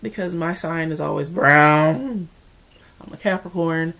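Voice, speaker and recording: A woman from the Mid-Atlantic United States with an American accent, chatting casually to camera as a beauty vlogger, animated and full of asides. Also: low voice, measured pace, vocal fry.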